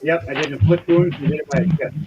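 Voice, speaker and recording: A man's voice: on the high side, fairly even intonation, fast talker, dull audio, background noise. A man narrating a tabletop game as game master, loose and crude, often laughing, over background music.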